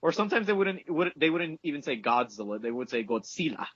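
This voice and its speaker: A man co-hosting a podcast in casual chat, animated and laughing as he talks. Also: fairly high pitch, fast, no echo. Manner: animated, laughs while talking. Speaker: podcast co-host. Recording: dull lo-fi dry audio.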